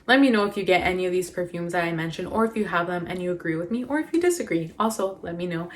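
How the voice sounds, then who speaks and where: A woman's voice: on the low side, animated, fast talker. Chatty woman reviewing perfumes. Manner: chatty, rambling, filler-heavy. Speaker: beauty vlogger.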